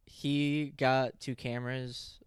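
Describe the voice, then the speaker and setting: A man's voice: medium pitch, flat delivery, smooth, no echo, studio quality. A young man in college hosting a casual podcast, rambling through stories with swearing and restarts. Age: young adult. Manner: rambling, swearing, quick laughs. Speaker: podcast host. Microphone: podcast mic.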